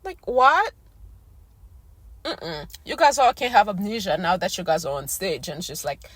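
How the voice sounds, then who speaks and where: A woman's voice: mid-range voice, lively intonation, moderate pace, a bit bright, no echo. A woman ranting casually to her viewers in a blunt, slangy, exasperated way while she is losing her voice. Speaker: recap vlogger. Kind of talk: casual rant to camera.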